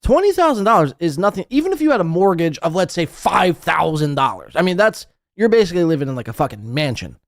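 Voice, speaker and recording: Ranting profane man, animated pitch. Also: quick pace, hardly any pauses, dry recording, studio quality. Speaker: podcast host. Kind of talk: casual reaction commentary.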